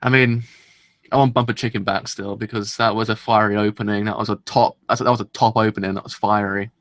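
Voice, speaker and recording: A man's voice: lowish voice, fairly even intonation, fairly quick, a bit bright, dry recording. A man hosting a live anime reaction, talking in a rambling, chatty and self-deprecating way and laughing often.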